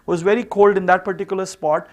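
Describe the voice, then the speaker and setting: High-voiced man giving a chatty seminar talk. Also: fairly even intonation, fast, darkish tone. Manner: conversational, full of "you know" fillers. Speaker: seminar speaker. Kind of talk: informal seminar talk with anecdotes.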